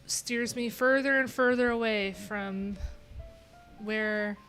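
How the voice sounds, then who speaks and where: A woman's voice: fairly high pitch, steady tone, takes it slowly, a bit bright, faint music behind. A woman from New York with a nasal voice, chatting candidly and rambling on a casual livestream from a room at home.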